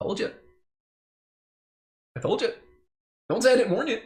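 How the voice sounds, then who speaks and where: A young woman streaming a voice-acted game playthrough, joking and swearing in animated commentary. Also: fairly high pitch, normal speed. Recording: echoey room, faint music behind.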